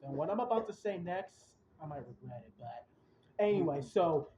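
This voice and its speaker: A young man hosting a podcast, excitedly retelling events in a rambling, casual way with slang. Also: high-pitched, a little hiss or hum. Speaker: podcast host. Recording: roomy, dull lo-fi sound.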